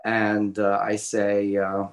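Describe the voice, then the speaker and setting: An older man, an author and illustrator, telling a family story in an interview, halting with many fillers and restarts and acting out quoted lines. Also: fairly low pitch, completely flat delivery, roomy sound. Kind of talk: conversational storytelling.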